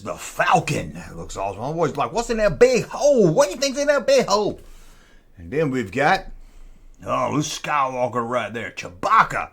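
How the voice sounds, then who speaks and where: Excitable man with a lively high voice. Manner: excitable, rambling, talks to himself while reading aloud. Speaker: collector flipping through a vintage magazine. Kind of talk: casual unscripted commentary.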